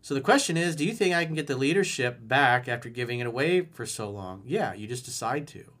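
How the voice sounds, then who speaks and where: A man's voice: mid-range voice, lively intonation, fairly quick, fairly bright tone. A man coaching viewers on their relationships, with a voice in the middle of the usual range. He talks bluntly and with swagger, swearing freely. He often acts out firm lines for the listener to repeat. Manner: blunt, emphatic, profane and swaggering, acting out lines to say. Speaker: dating coach. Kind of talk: video coaching, answering viewer emails.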